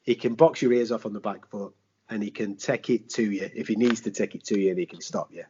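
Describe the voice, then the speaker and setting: A man, a sports presenter, chatting on a podcast in a lively way, with rhetorical questions, slang and swearing. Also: fairly low pitch, fairly quick, a little hiss or hum. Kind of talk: casual podcast chat. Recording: dull lo-fi podcast audio.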